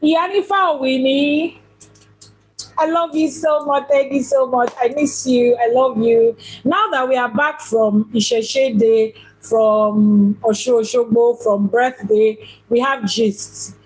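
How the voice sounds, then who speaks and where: A woman's voice: fairly high pitch, fairly even intonation, takes it slowly, darkish tone, slightly rough, low-quality recording. A woman giving a spiritual teaching talk as an Ifá priestess, emphatic and repeating phrases for stress.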